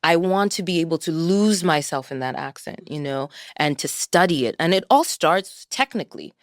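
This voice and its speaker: An actress from Kenya with a mixed Kenyan and American accent, talking thoughtfully and candidly as a podcast guest. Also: female voice, low voice, expressive, moderate pace, no echo, studio quality. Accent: mix of Kenyan and American. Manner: thoughtful and candid, laughs often. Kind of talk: podcast conversation.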